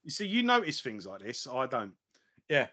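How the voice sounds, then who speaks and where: A man co-hosting a podcast in casual chat, animated and often laughing as he acts out quotes. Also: medium pitch, normal speed. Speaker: podcast co-host.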